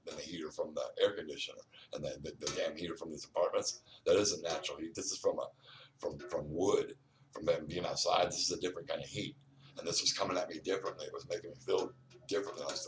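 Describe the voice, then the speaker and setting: A man's voice: sits low, distant mic, slight background noise, rough recording. A man talking at length in a rambling, preachy monologue, repeating himself and urging the listener on, recorded at home. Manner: repetitive, restarts often, keeps saying "you know what I mean". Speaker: vlogger. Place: indoors at home.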